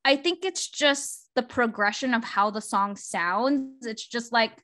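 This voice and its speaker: A woman's voice: a little high, measured pace, bright, forceful tone. A young woman co-hosting a podcast, chatting casually and enthusiastically, with lots of fillers and restarts. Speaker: podcast co-host. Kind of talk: casual chat.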